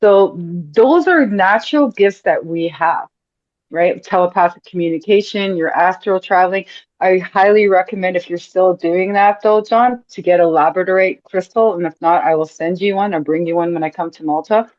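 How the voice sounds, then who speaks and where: A woman's voice: fairly low pitch, normal speed, darkish tone, muffled recording. A woman hosting a casual chat, friendly and earnest. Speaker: host.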